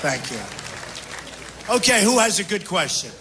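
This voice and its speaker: A man's voice: sits high, sing-song, moderate pace, creaky, crowd noise, background noise. An older man answering questions at a town hall, repetitive and boastful, talking off the cuff. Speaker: presidential candidate at a town hall. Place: large indoor hall with audience.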